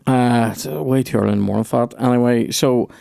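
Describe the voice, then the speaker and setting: A young man, hosting a comedy podcast and telling a story in a profane, animated way. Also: mid-range voice, fairly quick, creaky. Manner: profane, animated, puts on voices in quoted dialogue.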